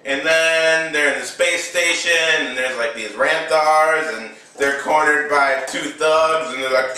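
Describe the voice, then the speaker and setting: A man's voice: a little high, fairly even intonation, unhurried, few pauses, pushed and bright, very echoey, far from the mic, low-quality recording. A man casually recapping a film with toy figures, rambling with lots of fillers.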